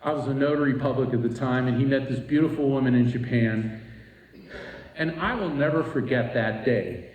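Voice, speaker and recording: A man's voice: mid-range voice, normal speed, lo-fi sound. A man from Florida telling a personal story to a live audience, acting out the voices of people in it. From East Coast Florida. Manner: animated, acts out voices in his story. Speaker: speaker at a retreat. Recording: echoey room, voice from a distance.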